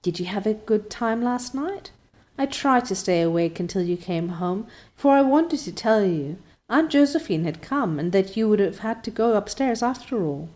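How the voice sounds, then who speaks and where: A woman voicing a kind, gentle mother in a storybook reading, speaking in a soft, kindly way. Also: mid-range voice, expressive, normal speed, lightly acted.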